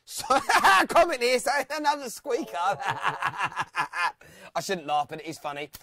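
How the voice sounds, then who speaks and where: A man's voice: high-pitched, a little slow, sharp tone. A man hosting a live football phone-in, chatty and teasing, laughing often. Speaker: phone-in host. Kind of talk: live fan phone-in show.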